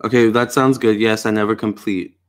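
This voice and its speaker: Speaking fairly quickly in a lowish, steady voice, this young tarot reader and astrologer runs a live stream where he chats casually and reads viewer comments aloud before answering. "All right" and "you guys" come up again and again, and a little hiss or hum sits under the audio.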